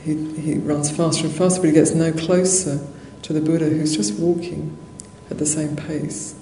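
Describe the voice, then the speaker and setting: A woman's voice: low voice, fairly even intonation, normal speed. Woman telling a dharma story in a roomy hall. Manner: conversational, laughing softly, many fillers. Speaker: Buddhist nun giving a dharma talk. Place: monastery meditation hall. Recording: roomy hall echo, faint noise.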